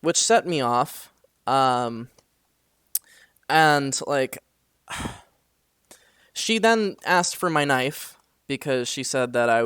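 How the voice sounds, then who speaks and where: A young man casually recounting a dream at home at night, halting and full of fillers. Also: mid-range voice, fairly bright tone, clean tone, no echo, clean studio sound. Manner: halting, filler-heavy retelling. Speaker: storyteller. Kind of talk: casual spoken dream story.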